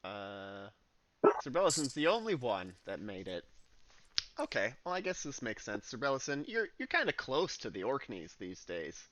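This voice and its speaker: A man's voice: medium pitch, normal speed, slight background noise. A man running a tabletop game, his voice rising and falling a lot as he narrates. He talks in a loose, rambling way, full of fillers. The sound is dull and lo-fi. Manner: relaxed, rambling, with frequent fillers. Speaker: game master.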